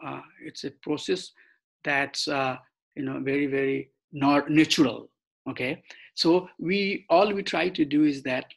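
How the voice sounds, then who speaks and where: Guy teaching over a video call, gravelly husky voice, lots of uh and you know. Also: fairly high pitch, low-quality recording. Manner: halting, many fillers and restarts. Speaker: scripture study teacher. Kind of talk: online scripture class lecture. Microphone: computer mic on a video call.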